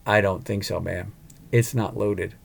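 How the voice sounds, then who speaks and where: A man reading a storybook voices a calm, polite and loyal chauffeur. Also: on the low side, unhurried, vocal fry, full character voice.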